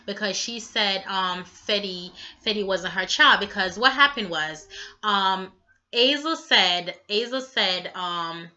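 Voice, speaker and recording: A woman's voice: mid-range voice, expressive, slow, sharp tone, highs cut off. A woman vlogger giving a casual, opinionated recap with blunt remarks and lots of fillers. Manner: chatty, blunt, many fillers. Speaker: vlogger reviewing a reality show.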